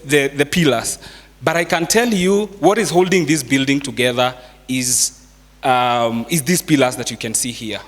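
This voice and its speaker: Kenyan man, seminar speaker, slightly high voice, quizzes the crowd, long hall reverb. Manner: conversational, quizzes the audience, mixes in Swahili phrases. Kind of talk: live motivational finance talk. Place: large hall with a live audience.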